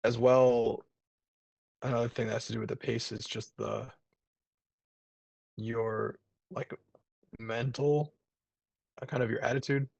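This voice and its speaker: Male guest on a video call, gravelly and husky, rambling and casual. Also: medium pitch, fairly even intonation, unhurried, pauses often, darkish tone, no echo. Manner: rambling, many fillers and restarts. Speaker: guest, jiu-jitsu brown belt.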